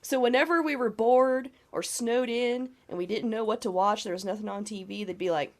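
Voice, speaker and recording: A woman's voice: a little high, normal speed, few pauses. A woman with a cold, scratchy throat and nasal voice, chatting casually on a podcast and swearing with enthusiasm. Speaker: podcast co-host.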